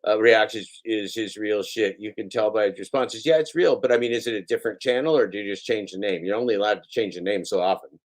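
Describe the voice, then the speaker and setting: A man's voice: lowish voice, steady tone, quick pace, few pauses. A man hosting a live stream, reading out and answering chat comments in a sarcastic, mocking way.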